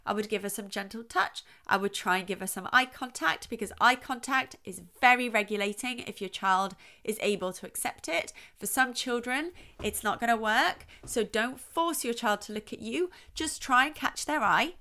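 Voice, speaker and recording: A woman's voice: on the high side, moderate pace, hardly any pauses, bright, forceful tone. A middle-aged woman who is a child psychologist, giving playful parenting advice and exaggerating her voice to show how it should sound.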